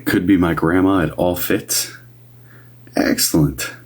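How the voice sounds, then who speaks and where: A deep-voiced man on a casual livestream, rambling through his readings with fillers. He pops up higher to welcome viewers and sometimes drops to a soft whisper. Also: fairly even intonation, takes it slowly, breathy edge. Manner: chatty, greets viewers in a higher upbeat voice. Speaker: medium doing live readings.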